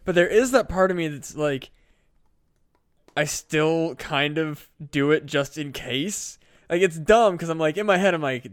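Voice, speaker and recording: A young man co-hosting a casual comedy podcast, swearing, laughing and tossing in quick comic quips. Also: a little high, clean tone, no room sound, clean studio sound. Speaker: podcast co-host.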